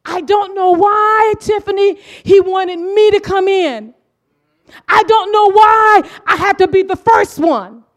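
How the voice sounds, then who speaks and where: A middle-aged woman preaching a sermon, impassioned, swinging from hushed asides to shouted declarations. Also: very high voice, slow.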